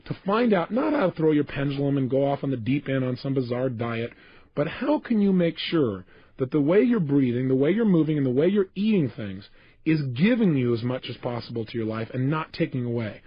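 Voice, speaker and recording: Passionate and emphatic, a man speaks straight to the listener like a motivational speaker on a self-help tape. His medium-pitched voice is husky, expressive, and fairly quick, captured dry on dull lo-fi tape.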